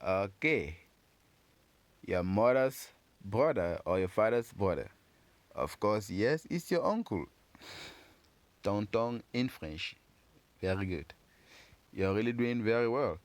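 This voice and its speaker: A man giving a patient pronunciation lesson, slowly repeating words and encouraging learners. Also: on the low side, big pitch swings, no room sound. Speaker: French teacher.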